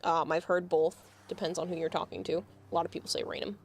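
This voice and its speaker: A woman's voice: lowish voice, level tone, fast talker. A woman, chatting casually on a livestream and explaining with amused laughs.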